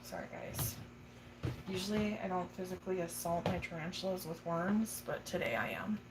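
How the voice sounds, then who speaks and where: A woman's voice: on the low side, normal speed, background noise. A young woman casually chatting on a livestream while tending her tarantulas, swearing freely and cooing at her spider. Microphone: phone.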